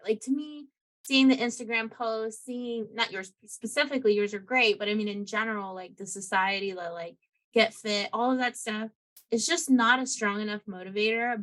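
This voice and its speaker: A woman's voice: on the high side, a bit bright. A woman podcast co-host chatting casually and earnestly, circling her points with many fillers. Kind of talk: casual conversational chat.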